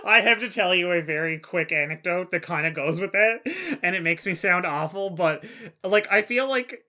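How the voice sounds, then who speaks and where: A man co-hosting a movie podcast in casual chat, animated and laughing, often acting out other people's voices. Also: high-pitched, normal speed. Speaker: podcast co-host.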